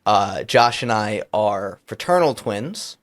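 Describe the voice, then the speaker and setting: A man's voice: lowish voice, expressive, takes it slowly. Joking male podcast co-host. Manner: joking, laughs often. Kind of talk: casual chat.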